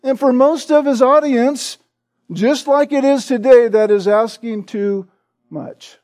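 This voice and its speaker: A male pastor preaching a sermon with emphatic stress on repeated words, often tagging his points with a quick "right?". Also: very high-pitched, fairly even intonation, a little mellow. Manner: peppers points with "right?" tag questions.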